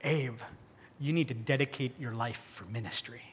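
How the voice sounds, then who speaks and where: A man's voice: mid-range voice, moderate pace, long reverb tail, a little hiss or hum, pitched below the performer's own voice, close to an everyday voice. A man voicing his anguished mother, crying out in prayer at her son's hospital bed. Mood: urgent. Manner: pleading, cries out to God.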